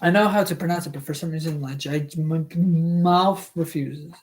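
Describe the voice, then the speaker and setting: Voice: mid-range voice, moderate pace, darkish tone. A streamer reading a novel aloud live, tripping over hard words, correcting themselves, and breaking off for chatty asides.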